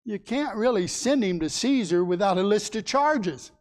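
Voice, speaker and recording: A man's voice: sits high, expressive, normal speed. A man teaching a Sunday Bible class in a folksy way, asking his listeners questions and acting out the people in the story.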